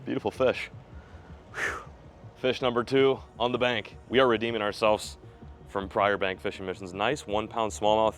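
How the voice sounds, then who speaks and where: Young male fishing vlogger, low voice, excitable and chatty, outdoor riverbank, faint music behind. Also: moderate pace. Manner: excitable, bursts into loud yelling when fish appear. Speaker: fishing video host. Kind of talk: casual on-camera fishing vlog. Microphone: camera mic, filmed by a camera operator.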